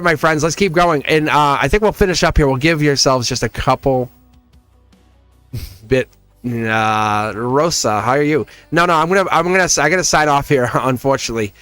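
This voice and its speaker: A man at medium pitch hosts a live-streamed tarot reading, speaking straight to his viewers. He's animated and chatty, laughing often.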